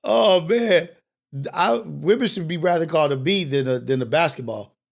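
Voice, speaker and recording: A young man hosts a morning show, his voice sitting a little high for a man. He talks in a loose, animated, sermon-like way, full of slang and blunt cursing, and often turns to confessing his own past. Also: normal speed, gravelly. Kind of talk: casual commentary monologue.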